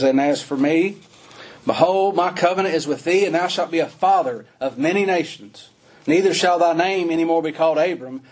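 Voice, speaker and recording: Man preaching, husky fairly high voice, scripture reading then folksy talk, fervent rises and slow emphasis. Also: darkish tone. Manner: reads scripture in old-fashioned wording, then explains in plain folksy talk. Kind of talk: sermon.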